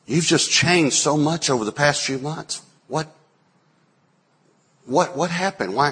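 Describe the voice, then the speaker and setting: A man in his forties, a pastor preaching a sermon, telling stories and acting out quotes with sudden loud bursts. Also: mid-range voice, slightly rough. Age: 40s.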